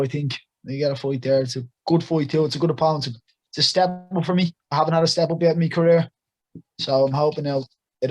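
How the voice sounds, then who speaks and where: A young man with an Irish accent, a boxer chatting casually and upbeat as an interview guest. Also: fairly high pitch. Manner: chatty and upbeat, full of praise for others.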